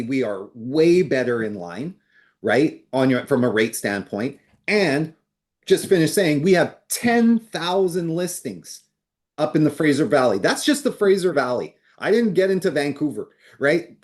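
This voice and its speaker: A man's voice: on the high side, darkish tone. A man co-hosting a real estate podcast, speaking bluntly and emphatically. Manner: blunt, emphatic, impatient with hesitant buyers. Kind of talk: casual podcast chat.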